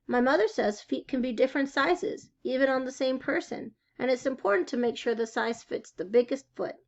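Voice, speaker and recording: A woman reading a children's novel aloud with expressive storytelling. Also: high-pitched, fairly quick, highs cut off. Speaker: reader.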